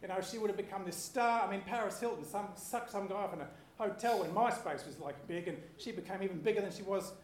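A man in his forties, sitting on a panel, tells a rambling, self-deprecating comic story, apologizing along the way. His high voice rushes quickly with barely a pause, and the room is echoey with a faint hiss.

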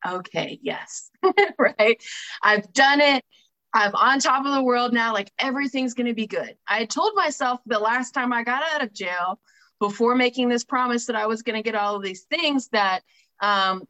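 Her voice sits in the mid range with a sharp edge, and the recording quality is low. Speaking conversationally, the woman candidly recounts her recovery, frequently checking on her listeners, reading from a book, and leaning on fillers and "right?" tags.

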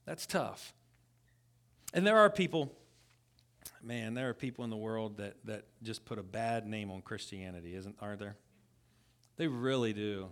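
A man's voice: fairly low pitch, expressive, normal speed, pauses often, fairly bright tone. A man giving a conversational sermon as a guest preacher at a church service. He is casual and earnest, often restarts his sentences and speaks straight to the congregation. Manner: casual and earnest, with frequent restarts and asides to the listeners.

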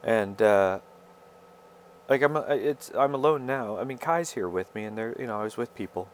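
Halting low-voiced man rambling on his podcast. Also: expressive, slight background noise. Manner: halting, many fillers and restarts, confessional. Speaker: podcast host. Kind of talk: rambling personal monologue.

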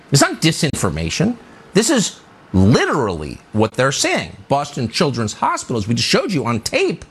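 A man's voice: fairly high pitch, slightly rough. Indignant male commentary host. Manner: sarcastic, indignant, emphatic delivery. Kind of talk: opinion monologue.

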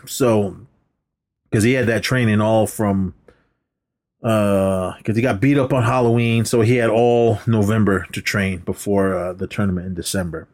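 Male podcast co-host, lowish voice, loose rambling plot recap. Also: fairly even intonation, a little slow, darkish tone. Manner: rambling retelling, slips into quoted dialogue. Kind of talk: casual movie recap chat.

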